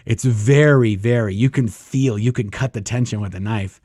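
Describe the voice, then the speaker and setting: Here a man with a fairly low pitch and dark tone talks at a normal speed, spinning a long, loose personal story as a guest. Fillers abound, and he voices other people's words himself, all captured in a dry, clean studio recording.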